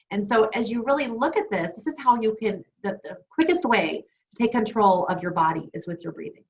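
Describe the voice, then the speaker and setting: Over a dull, lo-fi video call, a woman co-hosting an online wellness webinar teaches with chatty enthusiasm and personal anecdotes. Her voice is mid-range, and there's a little hiss or hum.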